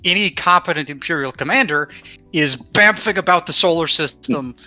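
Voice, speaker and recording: A man's voice: on the high side, moderate pace, sharp tone, faint music behind. A man hosting a casual panel chat online, rambling with many fillers and restarts. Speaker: podcast host.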